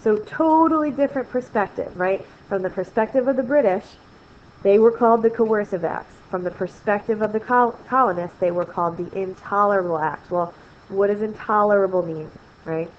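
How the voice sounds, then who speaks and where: A woman's voice: mid-range voice, moderate pace. Chatty woman teaching history. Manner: chatty, asks "right?" often. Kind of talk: recorded screen lecture. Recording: slightly dull, faint noise.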